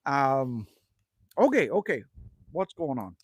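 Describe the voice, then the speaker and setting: A man's voice: medium pitch, sing-song, slow pace, husky, no echo. A middle-aged man from Canada hosting a casual live stream outdoors at his rural cabin, ranting, joking and greeting viewers by name. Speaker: livestream host.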